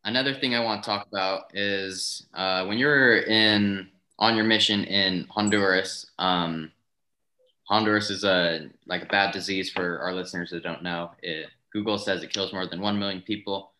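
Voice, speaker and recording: A young man hosting a podcast, asking hesitant, halting questions in a casual interview. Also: sits low, fairly even intonation, pushed and bright, poor audio. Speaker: podcast host.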